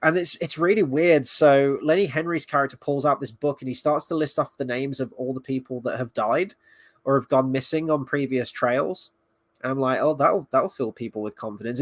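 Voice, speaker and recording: A man's voice: mid-range voice, dry recording. Sarcastic, rambling male reviewer. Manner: rambling, sarcastic, swears, mocks scenes in quoted voices. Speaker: video reviewer. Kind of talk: casual spoken review.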